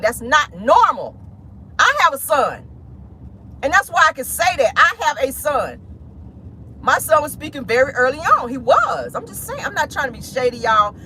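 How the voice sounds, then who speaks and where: Loud, outspoken gossip vlogger woman. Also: a little hiss or hum. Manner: outspoken and animated, with mocking high-pitched squeals when mimicking others. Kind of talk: blunt, profane ranting commentary. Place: inside a car.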